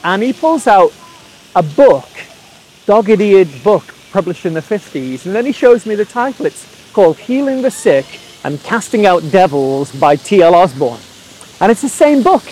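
A man, preaching through a personal story in a lively way and acting out the quotes. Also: sits high, normal speed, breathy edge, rough recording. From England. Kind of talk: storytelling sermon.

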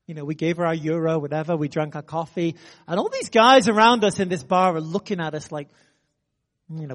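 A man preaching a sermon, telling a story with animated energy. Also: high-pitched, in a large hall. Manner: animated, building excitement in anecdotes.

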